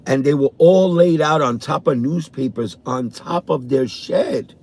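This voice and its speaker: A man with a New York accent, a vlogger telling a profane, animated story from his car on a morning drive. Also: on the high side, unhurried. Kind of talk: casual storytelling.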